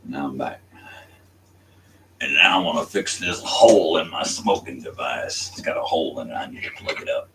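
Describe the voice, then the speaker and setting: An older man with a very low voice wanders through a casual, rambling monologue, stopping and restarting his thoughts. He sits some distance from the mic, and a faint hiss of room noise sits under his voice. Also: moderate pace, bright, forceful tone. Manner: meandering, talks through his songwriting with many fillers and restarts. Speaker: channel host.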